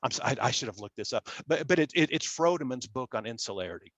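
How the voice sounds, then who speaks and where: Middle-aged nasal Midwestern male lecturer, halting and self-deprecating, recorded close and dry. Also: medium pitch, expressive, a bit bright, no echo. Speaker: public relations scholar. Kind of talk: academic lecture with slides.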